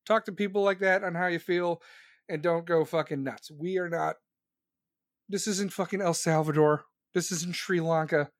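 A man's voice: on the high side, steady tone, normal speed, no room sound, clean studio sound. A man from the United States delivering a heated, profane rant, lecturing and repeating himself.

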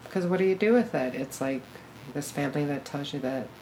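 A woman's voice: deep voice, animated, a little fast, darkish tone, a little hiss or hum, poor audio. A middle-aged woman telling her story as a podcast guest, candid and blunt, cursing now and then and laughing at herself. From born in Korea, raised in Minnesota. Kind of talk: casual storytelling interview.

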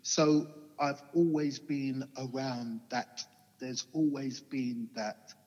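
A man's voice: mid-range voice, steady tone, slow pace, darkish tone, in a large hall, muffled recording. A man with a Cockney accent, a guest telling his life story in a rambling way, often asking "you know what I mean?". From England. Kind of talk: candid personal storytelling.

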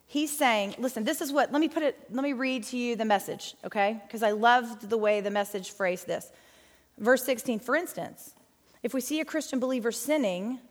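A middle-aged woman teaching a Bible study in a chatty, folksy, animated way. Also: a little high, big-room sound.

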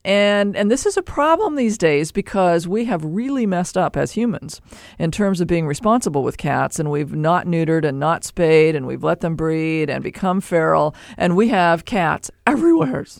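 High, gravelly-voiced man giving pet advice. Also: normal speed, dry recording, clean studio sound. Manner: animated explaining, with playful asides. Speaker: pet behavior expert host. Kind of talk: call-in advice show.

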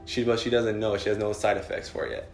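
A man's voice: lowish voice, animated, fast, creaky, roomy sound, soft background music. A young man telling a story in casual chat, rambling with lots of fillers and swearing. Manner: rambling, swears a lot, many "like" fillers, laughs while telling.

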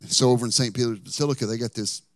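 A male pastor preaching a sermon, telling Bible stories dramatically and rising to loud bursts. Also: medium pitch, steady tone, rapid-fire, no echo.

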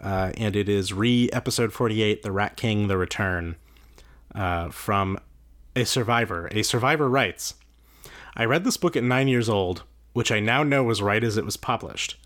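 A man's voice: on the low side, normal speed, fairly bright tone. A man co-hosting a podcast, chatting in a wry, joking way and reading out listener mail. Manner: wry, joking, swears casually. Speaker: podcast co-host.

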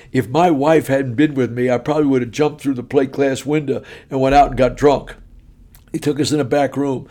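A man preaching his personal testimony in a warm, mellow voice. He tells the story in an animated, folksy style, punching each beat like a seasoned storyteller before a congregation. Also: mid-range voice.

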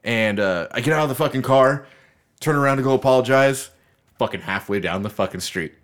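A man's voice: medium pitch, a little fast, fairly bright tone. A man co-hosting a casual podcast, telling stories in a laid-back, foul-mouthed way. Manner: profane, laid-back storytelling. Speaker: podcast co-host.

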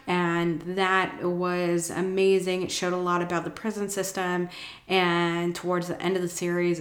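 A woman hosting a casual podcast, chatting enthusiastically and rambling a bit about TV shows. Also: lowish voice. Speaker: podcast host. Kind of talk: casual chat, reviewing TV shows. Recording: roomy echoey room.

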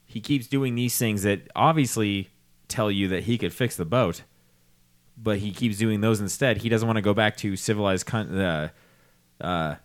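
Profane rambling man riffing theories. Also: fairly low pitch. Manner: profane, rambling, acts out characters in bits. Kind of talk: casual comedic chat.

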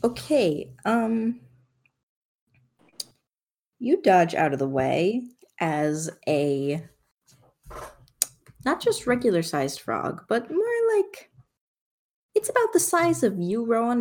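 A woman game master narrating a tabletop game in an unhurried, playful way. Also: mid-range voice, big pitch swings, darkish tone.

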